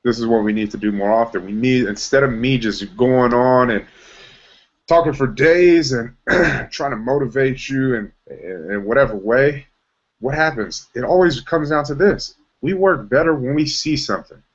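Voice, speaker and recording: A man's voice: medium pitch, moderate pace. A man leading a team meeting, talking about how to show rather than tell, with many restarts and fillers. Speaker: team leader. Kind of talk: motivational team meeting talk. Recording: dull lo-fi sound.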